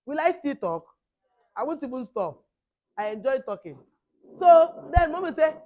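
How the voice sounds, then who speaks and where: A middle-aged woman with a hoarse voice, leading children at a camp in lively call-and-response. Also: sits high, normal speed, pauses often. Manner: animated, call-and-response, mixing two languages. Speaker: camp teacher.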